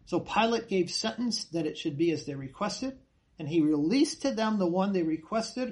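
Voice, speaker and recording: A man with a high voice teaching a Bible class. He reads passages aloud, lifting his voice on the quoted cries, and hammers home his points by repeating them. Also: darkish tone. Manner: earnest, repeats phrases for emphasis.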